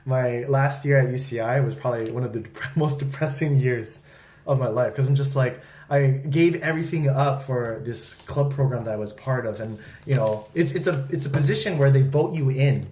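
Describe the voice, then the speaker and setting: A man's voice: medium pitch, normal speed, mellow, a little hiss or hum. A young man in casual conversation, telling a personal story earnestly and emotionally, with many fillers. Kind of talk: casual chat. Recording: roomy echo.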